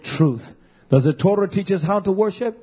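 Male pastor in full sermon, emphatic and rousing; high-pitched, husky tone, muffled lo-fi sound. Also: expressive, moderate pace. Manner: emphatic, calls out to the congregation. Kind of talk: preaching a sermon.

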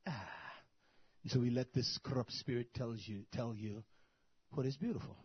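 A husky-voiced man preaching in a fiery sermon style, swinging between quiet, almost whispered asides and loud climbing shouts. The recording is dull and lo-fi, with a dry, close sound. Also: medium pitch, brisk, no echo. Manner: preaching in bursts, rising to loud shouts and dropping to soft asides.

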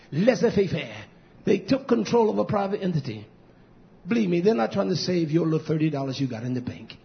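A man preaching an impassioned sermon, swinging between low mutters and shouted outbursts, drawing out and repeating words for emphasis. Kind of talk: fiery sermon. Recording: dull lo-fi recording.

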